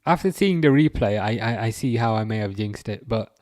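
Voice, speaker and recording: A man hosting a casual live football watchalong, reading out chat, laughing often and tripping over his words when he gets excited. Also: lowish voice, fairly quick, dry recording, studio quality. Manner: excitable, laughing, stumbling restarts. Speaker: livestream host reading chat.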